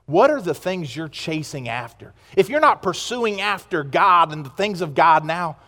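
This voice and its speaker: A male pastor from the United States, preaching a sermon with passion and moving between loud exhortation and hushed asides. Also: sits high, big pitch swings, moderate pace, hardly any pauses. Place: church sanctuary. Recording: long reverb of a large hall.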